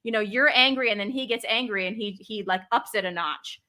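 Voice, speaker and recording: A middle-aged woman, a mother, chatting casually and telling stories with lively acted-out quotes. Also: fairly high pitch, a little fast. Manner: animated storyteller, acts out quotes. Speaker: guest. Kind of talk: casual chat.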